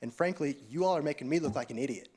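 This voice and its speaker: A man's voice: fairly high pitch, animated, rapid-fire, darkish tone, husky. Scathing man blasting a council. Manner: scathing, accusatory, read-out speech. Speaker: public commenter, tax professional. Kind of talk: prepared public comment. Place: town council chamber.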